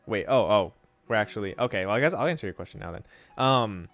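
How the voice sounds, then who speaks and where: Man chatting casually over soft guitar. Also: on the low side, lively intonation, brisk. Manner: thinks aloud, answers chat questions, keeps checking with "right?". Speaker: streamer teaching Japanese. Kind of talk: casual livestream talk to chat.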